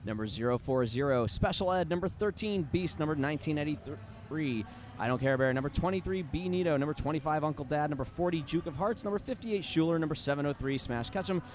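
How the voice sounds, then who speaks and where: An American man with a fairly high voice calls live roller derby play-by-play, reading the lineups and tossing in jokey, punny asides. Faint venue noise hums behind him. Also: lively intonation, fast. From United States. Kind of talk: live sports commentary.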